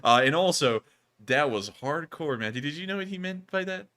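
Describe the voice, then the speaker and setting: An American man hosting a livestream, chatting casually and rambling, with frequent restarts and bursts of excitement. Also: high voice, fairly quick. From United States. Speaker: livestream host.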